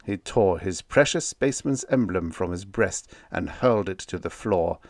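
A man reading a humorous vintage science fiction story aloud as an audiobook narrator, in a wry, lively storytelling manner. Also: low voice, moderate pace, no echo, clean studio sound.

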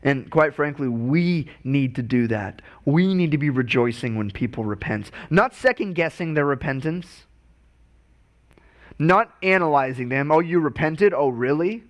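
A man's voice: medium pitch, animated, unhurried, dull audio. Male pastor, sermon delivery, earnest, restarts and repeats words.

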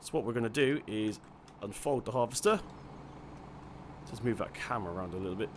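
A man's voice: lowish voice, animated, a little fast, slight background noise. A man giving casual let's-play commentary, chatty and self-deprecating, thinking aloud as he plays. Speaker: gaming channel host.

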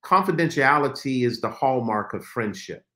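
A man's voice: medium pitch, expressive, moderate pace, fairly bright tone. A man hosting a talk show as a pastor, speaking in an earnest, preacher-like cadence. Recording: roomy studio echo.

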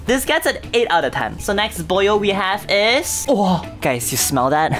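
A young man, a VTuber streamer giving hyper, theatrical comedy reactions full of drawn-out exclamations and crude jokes. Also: high voice, sing-song, a bit bright, faint music behind.

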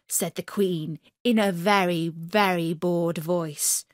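A woman narrating a children's story for English learners in a clear, expressive way. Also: fairly low pitch, takes it slowly, hardly any pauses, no echo, studio quality.

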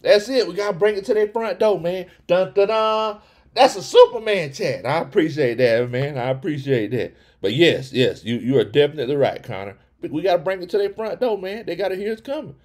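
A man hosting a lively sports livestream, reading chat comments, laughing often and stumbling over his words as he talks. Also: high voice, brisk. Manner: animated, laughs often, frequent restarts and stammers. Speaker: sports vlog host reading live chat. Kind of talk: excited casual livestream chat.

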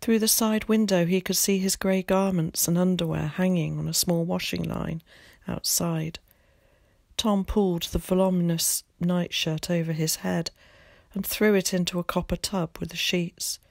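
A woman teacher reading a children's novel aloud in an expressive, measured storytelling voice. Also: on the low side, creaky, dry recording, clean studio sound. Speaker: primary school teacher.

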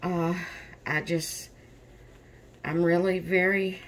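A woman's voice: fairly low pitch, steady tone, takes it slowly. A woman hosting a doll vlog in casual chat, tired and yawning, rambling openly about her stress. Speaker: reborn doll channel host.

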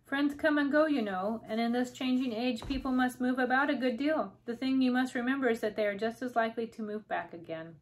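A woman reading aloud and voicing a tiny, gentle male king who speaks in formal, courteous phrases. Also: fairly high pitch, a little fast, hardly any pauses, close to an everyday voice.

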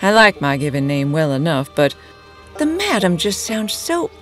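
A woman playing a sultry, menacing cult leader who talks in a slow, teasing, purring drawl. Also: sits low, big pitch swings, fairly bright tone, soft background music. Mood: sly. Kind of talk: audio drama acting.

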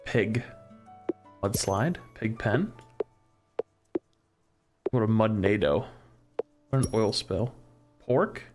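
A man's voice: on the low side, animated, drawn-out words, long pauses, music in the background. A man streaming a crafting game, musing aloud as he tries one combination after another. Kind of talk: casual live-stream commentary.

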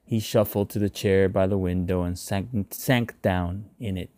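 Deep, dark-voiced male story reader. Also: fairly even intonation, a little slow, dry recording. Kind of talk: scripted narration of a short story.

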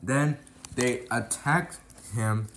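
A man's voice: medium pitch, extremely slow, a bit bright, echoey room, a little hiss or hum, low-quality recording. A man narrating a rhyming storybook tale in a sing-song delivery.

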